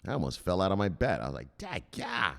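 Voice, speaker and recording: A man hosting a crypto news channel who jokes and rambles with plenty of profanity. His voice is gravelly and swings widely in pitch. The tone stays loose and chatty throughout. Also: big pitch swings, very fast. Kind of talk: casual livestream chat.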